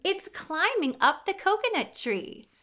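A woman's voice: extremely high pitch, very animated, a little slow. A young woman hosting a toddler learning show outdoors, talking and singing in a sing-song way, with gasps and coaxing questions for the children. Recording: ukulele music playing underneath.

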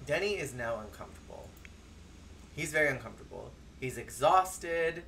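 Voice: medium pitch, expressive, moderate pace, gravelly, a bit bright, slight background noise. A game streamer giving joking let's-play commentary, with sudden squeals and bursts of laughter. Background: faint game music.

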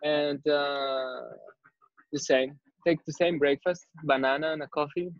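A man's voice: fairly high pitch, unhurried, dry recording. Artist guy chatting on a video call, rambly, restarts a lot, muffled dry sound. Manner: relaxed, rambling, restarts phrases. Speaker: artist guest. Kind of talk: casual storytelling in an interview. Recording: dull lo-fi video call audio.

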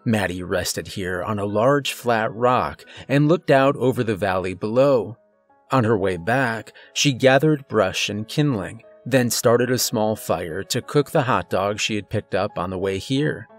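A man narrating a horror story in a measured, scripted storytelling delivery. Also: lowish voice, faint music behind.

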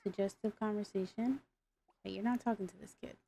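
A woman's voice: mid-range voice, fairly even intonation, a little fast, vocal fry, dark tone, a little hiss or hum. A woman giving casual gameplay commentary, exasperated and talking back to the characters on screen. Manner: exasperated, talks to the game characters. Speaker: gaming YouTuber.

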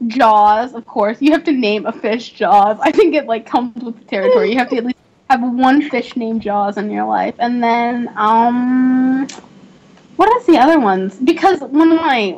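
A young woman hosting a livestream, chatting casually while gaming, giggly and quick to apologize. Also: on the high side, highs cut off. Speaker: livestream host.

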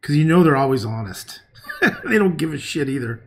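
A man's voice: a little high, expressive, a little fast, creaky, a little hiss or hum. A man casually chatting with his viewers while painting on a livestream, joking and cursing and laughing at his own jokes. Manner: joking, profane, talks to viewers' comments.

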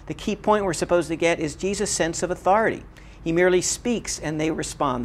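A man giving a recorded Bible lecture, earnest and emphatic, repeating his key points. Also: on the high side. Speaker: Bible teacher.

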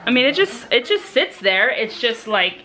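A woman filming a casual home vlog on a handheld camera in her kitchen, excitable and gushing, tumbling over her own exclamations. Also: on the high side, normal speed, a little hiss or hum, low-quality recording. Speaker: vlogger.

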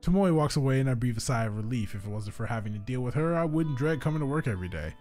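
A young man narrates a story game, reading its lines aloud and then erupting into excited, swear-filled reactions. His voice is mid-pitched, with soft music playing underneath. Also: fast. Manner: profane, hyped, excitable. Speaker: gaming YouTuber. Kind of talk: let's play commentary and reading game text aloud.

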